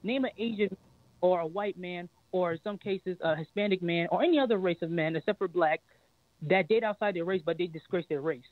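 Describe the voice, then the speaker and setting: High-pitched caller guy on a phone line, hesitant, lots of ums, sounds thin and tinny. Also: fairly quick, no echo. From Richmond, Virginia. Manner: hesitant, rephrases, many fillers. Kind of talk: phone-in call.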